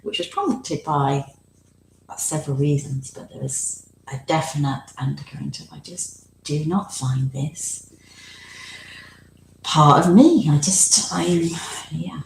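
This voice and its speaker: Woman, low voice, reflective, searching for words, echoey room, faint background noise. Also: takes it slowly, gravelly. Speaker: podcast co-host. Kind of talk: casual conversation. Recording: roomy echo with faint noise.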